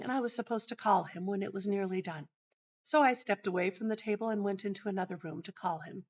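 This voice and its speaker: A middle-aged woman hosting a teaching show, telling a personal story in a calm, measured way. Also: medium pitch. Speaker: host and teacher. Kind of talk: narrating a personal teaching anecdote. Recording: dull lo-fi sound.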